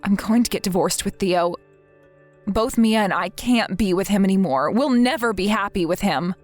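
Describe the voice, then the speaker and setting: A woman reading the messages of an exhausted, apologetic young mother in a text-message story, with soft music behind her. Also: mid-range voice, moderate pace, natural voice. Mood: desperate. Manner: pleading, apologetic. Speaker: daughter-in-law.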